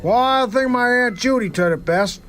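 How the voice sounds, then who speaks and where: A man's voice: very high voice, normal speed, fairly bright tone, soft background music, pitched above the performer's own voice. A man doing a comedy impression of a rambling, confused elderly male politician who boasts without making sense, in a political sketch.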